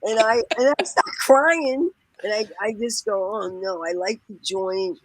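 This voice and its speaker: Husky-voiced woman telling a wild story. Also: mid-range voice, a little slow, no echo. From Boston area. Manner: laughs often, swears, acts out quoted voices. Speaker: guest. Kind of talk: casual storytelling chat.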